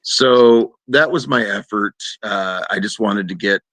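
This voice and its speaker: Animated man telling a story, dry close mic. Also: a little slow, no room sound. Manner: animated, acts out quoted voices in a higher pitch. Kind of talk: casual storytelling.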